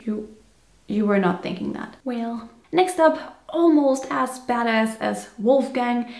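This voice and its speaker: A woman's voice: on the high side, takes it slowly, gravelly, darkish tone. A woman from Germany with a German accent, hosting a casual, playful video full of silly asides. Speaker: video host. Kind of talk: casual vlog talk. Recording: roomy echo.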